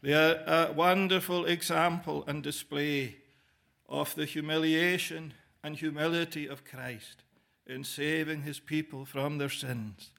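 A man delivers a sermon slowly and deliberately, his voice gravelly with a touch of fry. He sits a little higher in pitch than most men and speaks in measured phrases broken by pauses. He turns often to the listeners and addresses them as "dear friend". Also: flat delivery, a bit bright. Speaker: preacher.

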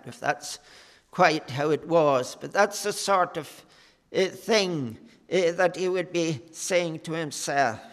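A man preaching a sermon in an earnest, unhurried way, pausing often with fillers. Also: on the high side, big-room sound. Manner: slow, earnest preaching with many pauses and fillers.

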